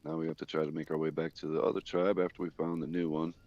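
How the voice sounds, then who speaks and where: A man's voice: extremely low pitch, level tone, quick pace, a little mellow, highs cut off. A man chatting casually over voice chat while gaming, easygoing and laughing often. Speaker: co-player on stream.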